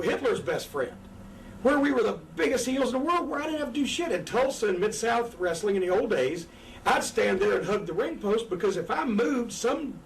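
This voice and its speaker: Brief: older ex-wrestler guest, high and animated, cursing freely, heard from a distant mic with faint room noise. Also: male voice. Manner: profane, animated, acts out crowd and wrestler voices. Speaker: former pro wrestler, guest. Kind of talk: candid interview storytelling. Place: indoors, seated on a couch.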